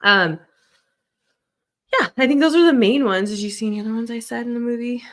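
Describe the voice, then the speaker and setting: A woman therapist hosting a podcast, explaining ideas in a lively way with examples. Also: on the high side. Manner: animated, explains with examples, quick laughs. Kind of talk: casual chat.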